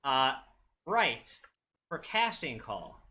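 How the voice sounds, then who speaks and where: A man's voice: medium pitch, very animated, takes it slowly, bright, forceful tone. A man co-hosting a card game stream, talking casually and joking with swearing, worn down by the heat. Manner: joking, swearing, laid-back. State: hot and sweaty. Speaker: stream co-host playing the game.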